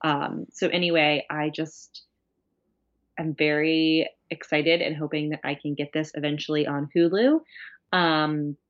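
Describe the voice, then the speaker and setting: A woman co-hosting a casual podcast tells a story with animated energy, lots of "um" and "like" along the way. Her voice sits on the low side for a woman. The recording sounds dull and lo-fi. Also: unhurried. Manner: animated storyteller, laughing, many fillers. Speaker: podcast co-host. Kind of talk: casual chat.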